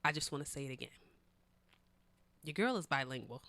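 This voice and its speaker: A woman co-hosting a podcast in casual chat, telling stories in an animated way, swearing freely and laughing often. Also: low voice, a little fast, heavy background noise. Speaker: podcast co-host.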